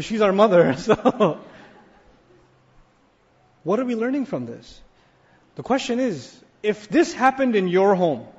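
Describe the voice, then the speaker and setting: A man with a very high voice gives an animated sermon, telling a story and putting questions to his listeners. His voice rings through a hall with long reverb. The recording sounds dull and muffled. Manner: animated storyteller, asks audience questions and answers them. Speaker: Islamic speaker. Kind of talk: sermon-style talk.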